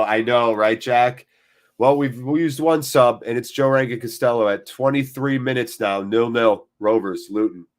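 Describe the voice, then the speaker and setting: A man hosting a live football watchalong from a cold room attached to his house, commentating with excited, jokey chatter and replying to viewers. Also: lowish voice.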